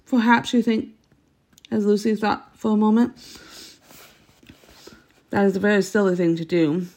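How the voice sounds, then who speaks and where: A woman's voice: medium pitch, normal speed, darkish tone. Woman reading a storybook aloud. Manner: unpolished, with stumbles and self-corrections. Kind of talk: reading a children's book aloud.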